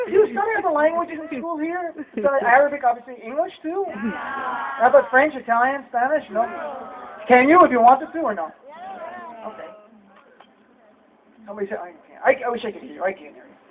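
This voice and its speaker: Male stand-up from the States, very high voice, tinny phone-like live recording. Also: animated, brisk, pauses often. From United States. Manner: conversational, chatting with the crowd. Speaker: stand-up comedian. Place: live comedy show venue. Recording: tinny low-fi live recording, crowd noise. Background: audience laughter and murmur.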